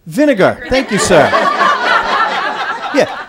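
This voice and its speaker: A man's voice: sits high, huge pitch swings, takes it slowly. A man from doing a brash, punchy stand-up routine and working the crowd. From Rhode Island, USA. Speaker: stand-up comedian. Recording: live club recording, audience laughter. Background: crowd laughter, noise.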